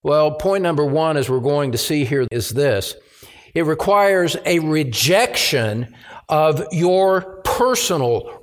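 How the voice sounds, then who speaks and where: A pastor preaching a sermon, slow and emphatic, repeating key phrases for stress. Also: male voice, fairly high pitch.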